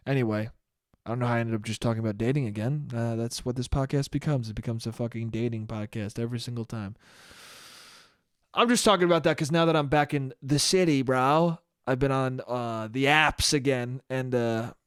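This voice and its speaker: A man's voice: medium pitch, clear, resonant tone, no room sound, studio quality. A young man hosting a solo podcast, rambling and cursing casually, mocking himself and often breaking into laughter. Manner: rambling, profane, self-mocking, frequent laughs. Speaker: podcast host.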